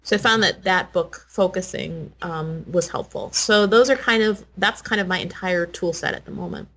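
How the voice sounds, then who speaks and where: A woman guest sharing recommendations in a relaxed, casual conversation. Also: on the low side, moderate pace.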